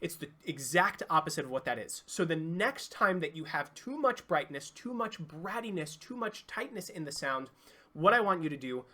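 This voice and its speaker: A singing coach giving an online vocal lesson, explaining clearly and demonstrating sounds. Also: mid-range voice, sing-song, normal speed, pushed and bright.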